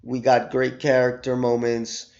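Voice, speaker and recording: A man's voice: mid-range voice, a little slow, creaky, dull audio. A man giving a casual, emphatic spoken review while losing his voice after being sick. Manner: animated, emphatic, repeats words for stress. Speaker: show reviewer.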